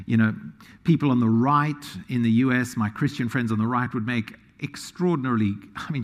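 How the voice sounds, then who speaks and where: A man preaching a sermon, animated, swinging between quiet asides and loud emphasis. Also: mid-range voice, long reverb tail. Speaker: pastor.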